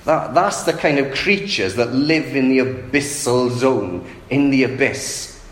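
A man's voice: medium pitch, a little slow. A man preaching a sermon in a conversational way, often asking the listeners rhetorical questions. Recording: echoey room with faint background noise.

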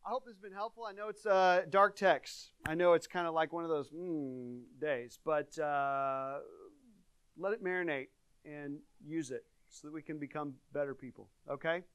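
A male pastor preaches in an earnest, conversational way, rising to stress a point and sinking low and soft for reflection. His voice sits a little high for a man, and the recording is dry and close, with almost no room sound. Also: moderate pace, clear, resonant tone, no room sound. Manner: earnest, conversational preaching with dynamic swings in volume. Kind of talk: sermon.

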